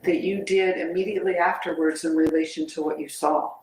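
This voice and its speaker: Low-voiced woman detective, roomy recording. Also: fairly even intonation, brisk, darkish tone, slight background noise. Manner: brief, probing questions. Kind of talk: police interview questioning.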